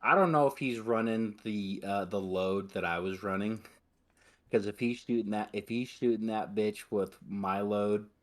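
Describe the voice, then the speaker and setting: A young man on a podcast, chatting excitedly about a movie, swearing a lot and acting out lines from it. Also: on the low side, moderate pace. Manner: excited, profane, quotes movie lines in put-on voices. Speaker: podcast host. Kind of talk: casual movie chat.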